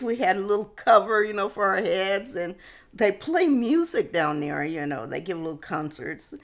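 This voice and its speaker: A woman vlogger telling a personal story to camera in a halting way, often restarting and dropping in "hey". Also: medium pitch, animated.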